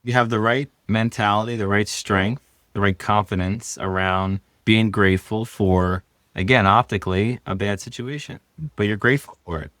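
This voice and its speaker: Low-voiced, encouraging man. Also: fairly even intonation, moderate pace, a bit bright, no room sound, studio quality. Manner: affirming, encouraging, asks follow-up questions. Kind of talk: supportive podcast conversation.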